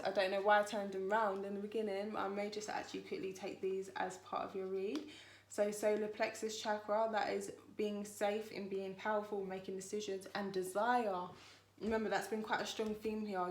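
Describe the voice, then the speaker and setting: Chatty woman tarot reader, echoey room. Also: mid-range voice. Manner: chatty, rambling, reassuring. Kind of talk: spiritual tarot reading.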